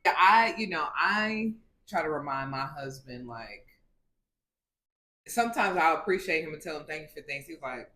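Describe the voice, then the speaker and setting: A woman's voice: sits low, lively intonation, normal speed, bright, forceful tone, a little hiss or hum. A woman co-hosting a casual marriage chat, earnest and reflective, with lots of "you know" fillers. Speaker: podcast co-host.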